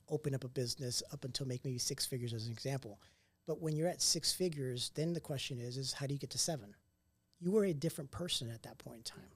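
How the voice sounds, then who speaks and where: A man telling stories in an interview, casual and animated, acting out what others said to him. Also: mid-range voice, husky, no echo. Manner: animated storyteller who acts out quoted dialogue; casual, occasional mild swearing. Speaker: entrepreneur guest. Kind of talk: conversational storytelling interview.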